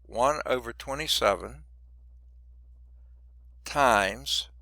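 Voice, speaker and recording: A man who is losing his voice teaches a math lesson, working through each step out loud with muttered asides. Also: mid-range voice, drawn-out words, creaky, background noise. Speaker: math instructor. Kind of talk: recorded lecture working through problems.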